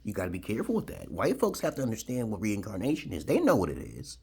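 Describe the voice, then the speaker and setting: Gravelly low-voiced man rambling on. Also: wildly swooping pitch, fast talker, darkish tone. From Brooklyn, New York, USA. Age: 40s. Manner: rambling, keeps adding "okay?", chuckles. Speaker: video blogger. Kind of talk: rambling storytelling monologue.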